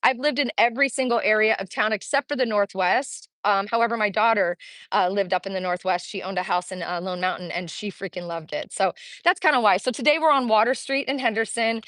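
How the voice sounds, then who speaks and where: A woman's voice: mid-range voice, a little fast, a bit bright, no echo. A woman in her forties, out of breath, chatting while she walks a street outdoors and livestreams from a handheld phone, answering viewer comments. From Kansas City, Missouri. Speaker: Las Vegas real estate vlogger. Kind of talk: live-streamed walking vlog. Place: outdoor street, in summer heat. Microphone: phone held while walking.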